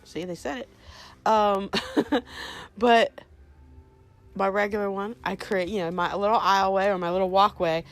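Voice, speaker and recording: A woman showing her new rabbits outdoors beside the hutches on her farm, chatting casually to the camera and cooing softly at the animals. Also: medium pitch. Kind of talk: casual vlog walk-through.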